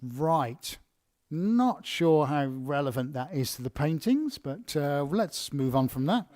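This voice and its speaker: A man's voice: on the high side, lively intonation, takes it slowly, a little mellow. A man with an English accent hosting a casual live Q&A, reading viewer questions aloud and answering with chatty fillers and restarts.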